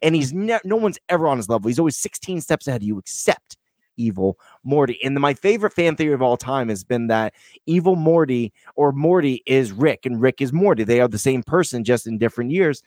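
Animated man, lively swooping pitch, swearing, dry close sound. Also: fairly quick, no room sound. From United Kingdom. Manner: animated, swearing, acting out reactions with big pitch jumps. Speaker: podcast co-host. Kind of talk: excited casual chat.

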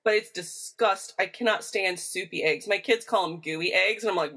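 A woman's voice: mid-range voice, moderate pace, fairly bright tone. A woman with a Midwestern American accent, co-hosting a podcast in casual chat, chatty and prone to side notes. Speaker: podcast co-host.

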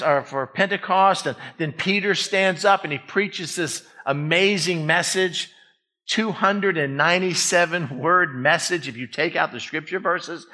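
A man delivers a sermon with animated energy, jumping between quick bursts and acted asides. His voice is bright and forceful, pitched a little above the usual for a man. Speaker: pastor.

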